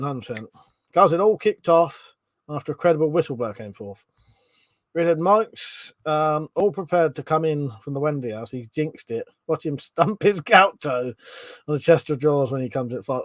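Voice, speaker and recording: In a dry recording from his bedroom, a man runs a casual home livestream, reading the chat and cursing freely between chuckles and muttered asides. His voice sits a little high and is expressive, with a moderate pace.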